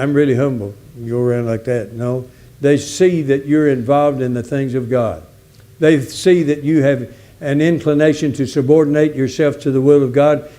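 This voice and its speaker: A man's voice: mid-range voice, mellow. A man preaching a sermon in a folksy, emphatic way, repeating key words for weight. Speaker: visiting preacher.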